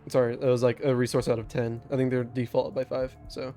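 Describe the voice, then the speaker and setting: A young man running a tabletop game as game master, talking in a loose, relaxed way with lots of fillers and restarts. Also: medium pitch, brisk, soft background music. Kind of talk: casual tabletop game narration.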